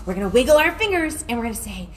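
A woman's voice: fairly high pitch, big pitch swings, very fast. A young woman teaching a music and movement class for small children, reading a story and singing in a playful, exaggerated way with lots of gasps. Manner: sing-song, gasping, playful and exaggerated.

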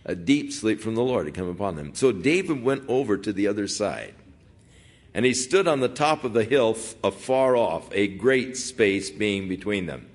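A man's voice: on the low side, lively intonation, moderate pace. A man preaching an expository sermon in a conversational, folksy way. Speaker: pastor.

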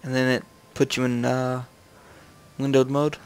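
An easygoing young man with a mid-range voice chats casually while gaming. He jokes in a playful, deadpan way. His tone stays relaxed and ordinary. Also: medium pitch, a little slow, clear, resonant tone. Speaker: co-player.

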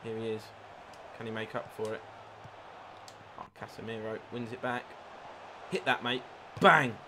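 A man live-streaming a football video game, commentating his own play, reacting loudly to chances and thanking new followers. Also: lowish voice, moderate pace, background noise. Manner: excitable, swears at the game, reads out followers. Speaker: gaming streamer. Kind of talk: live gameplay commentary with chat.

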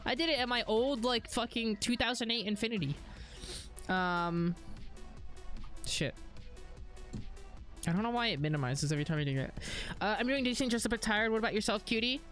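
A woman's voice: on the high side, normal speed, long pauses, a bit bright, soft background music. Casual, swearing young woman streamer. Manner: chatty, swears freely, reads chat aloud. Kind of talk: casual live-stream chat while gaming.

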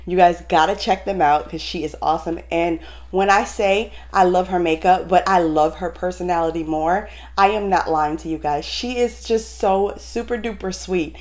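Woman beauty vlogger, casual unboxing chat, gushing and excitable. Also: fairly low pitch, normal speed, hardly any pauses. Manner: gushing, excitable, talks straight to viewers.

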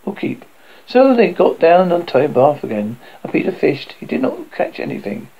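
A man narrating a novel aloud, stumbling over words and correcting himself as he goes. His voice is gravelly and husky, with lively pitch. The recording is dull and lo-fi. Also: normal speed. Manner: stumbling, self-correcting reading.

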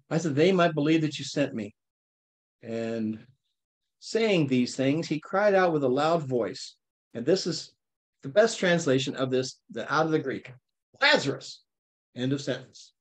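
A man teaching an informal Bible study, talking with his listeners in a lively, playful way and often checking in with them. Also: on the high side, a little slow, long pauses. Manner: conversational, checks in with frequent "okay?".

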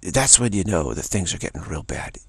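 Man, low gravelly voice, husky, rambling indignant storyteller, dry close sound. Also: very animated, fairly quick, dry recording. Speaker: spiritual channel host. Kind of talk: casual spoken anecdote.

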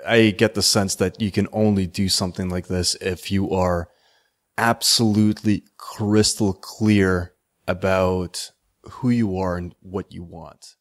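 A man with a very low voice hosts a podcast interview. He poses thoughtful questions to his guest at an easy pace. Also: fairly even intonation, measured pace. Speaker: podcast host.

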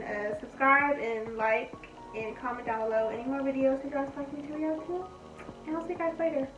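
A woman hosting a casual reaction vlog, excitable and chatty, with many fillers. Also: on the high side, recorded from a distance. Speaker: reaction video host. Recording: echoey, dull lo-fi sound, music behind. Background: music from the reacted video.

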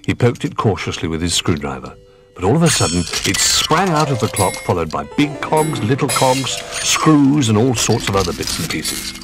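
A man reading a children's storybook aloud in an expressive, gentle manner. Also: fairly low pitch, moderate pace, over music.

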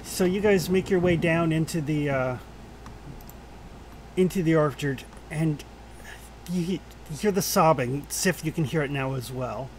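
Slow, halting male game master. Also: on the high side, a little hiss or hum. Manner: halting, lots of "uh" and restarts while describing scenes. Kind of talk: narrating a tabletop game.

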